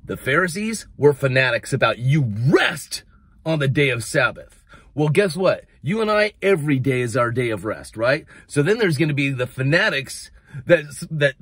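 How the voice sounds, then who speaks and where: A man from the United States preaching a casual video sermon, animated and building to near-shouts on his emphatic points, mocking the voices he quotes. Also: fairly high pitch, moderate pace, husky, dry recording.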